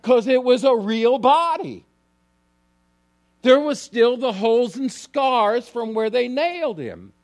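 A man's voice: very high voice, lively intonation, slow pace. A man preaching a sermon as a pastor, telling the story with emphatic, climbing phrases and putting direct questions to his listeners.

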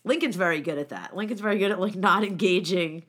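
A woman in her forties chats in a lively way and slips into other people's voices when she retells a conversation. Her voice is bright and clear. She sounds easygoing and expressive. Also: on the low side, fast talker. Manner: animated storytelling, acts out quoted speech. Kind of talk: casual chat.

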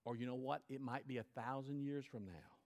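A man preaching a sermon to his church, emphatic, rising high and loud then dropping low and quiet. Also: a little fast. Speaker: pastor.

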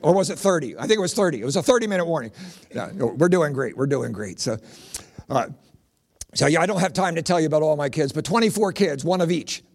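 A middle-aged man from Pennsylvania doing stand-up comedy as a comedian and preacher, telling animated stories with punchy jokes. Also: fairly high pitch, fast, gravelly.

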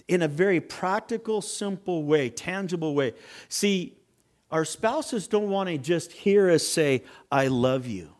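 A middle-aged man preaching a sermon as pastor, telling stories with acted-out voices and building to emphatic points. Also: a little high. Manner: animated storyteller, acts out voices, rising to emphatic preaching.

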